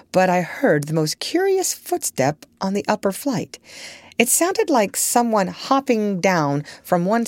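A woman narrating a storybook with a low-set voice that swoops and lifts expressively. She is recorded close and dry, with no room sound. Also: a little mellow, dry recording. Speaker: audiobook narrator.

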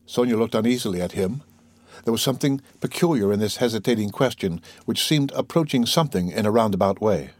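A man reading a classic novel aloud in steady, measured scripted narration. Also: lowish voice, dry recording. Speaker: audiobook narrator.

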